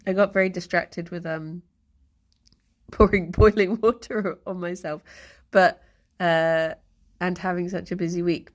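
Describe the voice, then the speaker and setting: A young woman chatting casually on a live stream, rambling and giggling often as she reads the chat aloud. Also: fairly low pitch.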